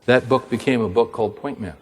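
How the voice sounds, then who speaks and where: A man's voice: mid-range voice, quick pace, a little hiss or hum. Older male preacher telling a story in a reverberant hall. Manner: animated storyteller acting out dialogue. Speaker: pastor and author. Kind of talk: sermon storytelling.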